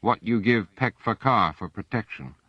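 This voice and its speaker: A blunt male alien healer in a prison, as a narrator puts him on, speaking in short, childish, broken phrases with an odd foreign accent. He sits low and flat, and the dull, dry recording gives him a muffled closeness. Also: moderate pace, no room sound, natural voice.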